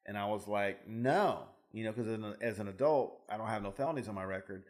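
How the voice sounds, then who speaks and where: A man co-hosting a podcast, telling his own stories in casual chat with plenty of swearing. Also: fairly low pitch. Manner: fast, profane storyteller. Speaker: podcast co-host.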